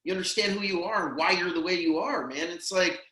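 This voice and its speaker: A man's voice: high-pitched, quick pace, sharp tone, slight background noise. A man telling a heartfelt story as a podcast guest, earnest and emotional, often saying "man" and "dude". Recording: roomy echo.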